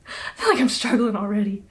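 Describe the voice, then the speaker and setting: A woman's voice: mid-range voice, lively intonation, normal speed. A young woman hosting a knitting podcast, chatting casually, laughing often and a little out of breath. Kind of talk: casual chat.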